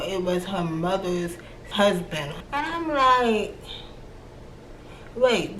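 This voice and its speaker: A woman's voice: medium pitch, a bit bright. A young American woman whose accent mixes Atlanta, Virginia and New York, chatting casually and slangily in a book review vlog. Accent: American, mix of Atlanta, Virginia and New York. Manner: chatty and slangy, voicing her own reactions. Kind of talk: casual chat. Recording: roomy echo with faint background noise.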